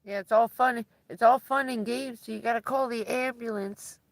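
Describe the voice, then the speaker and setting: A woman's voice: fairly high pitch, steady tone, moderate pace, gravelly, no echo. A woman livestreaming from inside her van, chatting casually with viewers and laughing often as she tells stories.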